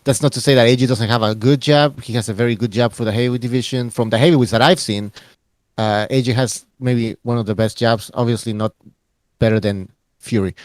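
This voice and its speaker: A man's voice: medium pitch, fairly even intonation, a little fast, dry recording, studio quality. A man co-hosting a casual podcast, reasoning aloud and often repeating words as he goes. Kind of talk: casual boxing podcast chat.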